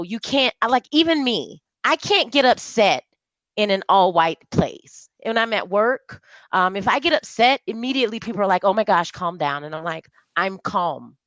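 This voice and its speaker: A woman as a podcast guest, speaking in casual conversation, animated and storytelling, mimicking the voices of people she talks about. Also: medium pitch, no room sound, highs cut off.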